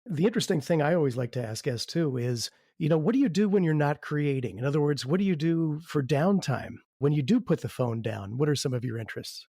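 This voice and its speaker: A man hosting a podcast in a measured way, stringing out long questions. His voice is a bit higher than most men's. The sound is dry and close, with no room echo. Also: expressive, warm tone. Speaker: podcast host. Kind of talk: interview.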